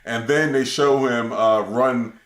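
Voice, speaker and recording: A man's voice: medium pitch, takes it slowly. A man co-hosting a podcast in casual chat, recapping a film with amused energy and frequent laughter. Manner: animated and amused, laughing often. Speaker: podcast co-host. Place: shared recording room. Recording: roomy echo.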